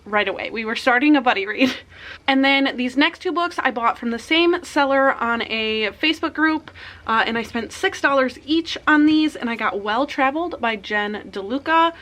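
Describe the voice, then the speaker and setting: A young woman chatting casually about her month of reading, upbeat and quick, with a slightly tired morning voice. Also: high voice, lively intonation, a bit bright. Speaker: book vlogger. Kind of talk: casual chat.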